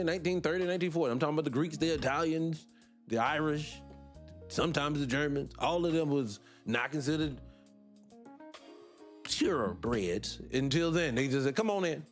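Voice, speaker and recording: A man's voice: on the high side, brisk, soft background music. A man hosting a livestreamed morning talk show, arguing with passion, firing rhetorical questions at his listeners and laughing between points.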